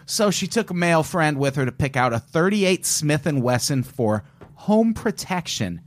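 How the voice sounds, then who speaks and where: A podcast co-host with a fairly high, very animated voice tells a crime story at a moderate pace. He keeps it casual and joking, sometimes slipping into an old-timey voice.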